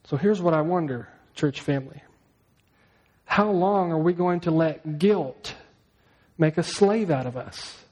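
A man's voice: a little high, measured pace, pauses often, a little mellow, poor audio. A male pastor preaching a sermon, telling a story and asking the congregation questions.

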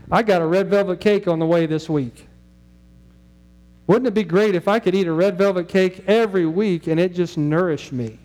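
Mellow-voiced man preaching a sermon. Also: high voice. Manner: conversational, asks the congregation questions. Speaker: pastor.

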